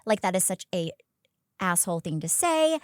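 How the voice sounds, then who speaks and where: A woman co-hosting a podcast in casual chat, talking in an animated, chatty way with lots of filler words. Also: lowish voice, normal speed, no echo, studio quality. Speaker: podcast co-host.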